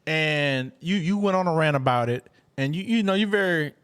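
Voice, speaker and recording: A man with a high voice talks sports in easygoing podcast banter. He restarts his sentences often and gets animated when he mimics online trolls. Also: moderate pace, clear, resonant tone. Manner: animated, restarts a lot, mock-quotes trolls. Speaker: podcast co-host. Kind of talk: casual sports chat.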